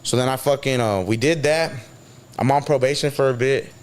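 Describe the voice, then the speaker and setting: A man's voice: mid-range voice, a little fast, smooth. Slangy man telling a story. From San Diego. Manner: slangy, swears often, acts out quotes. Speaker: guest. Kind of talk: casual storytelling in an interview.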